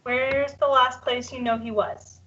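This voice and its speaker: A woman's voice: high voice, fairly even intonation, measured pace, sharp tone, lo-fi sound. A woman playing a tabletop game, blunt and joking with her friends. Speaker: player. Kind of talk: casual tabletop play.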